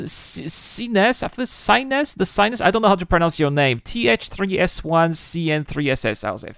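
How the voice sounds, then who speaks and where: A man hosting a livestream, chatting casually with viewers and reading out their comments in an excitable way, often restarting his sentences. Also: on the high side, smooth, no echo, clean studio sound. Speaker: livestream host.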